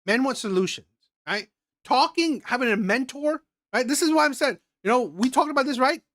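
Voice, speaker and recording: A man's voice: very high-pitched, animated, fairly quick, a bit bright, no echo. A man giving blunt reaction commentary, repeating his points and tagging them with "right?", with some swearing. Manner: emphatic, repetitive, swearing, frequent "right?". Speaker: streamer reacting to a clip. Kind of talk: opinionated commentary.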